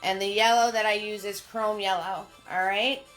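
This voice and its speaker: A woman's voice: mid-range voice, fairly even intonation, normal speed, a bit bright, soft background music. A woman hosting a live painting lesson from her home. She chats with viewers, greets them by name and laughs often. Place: home studio.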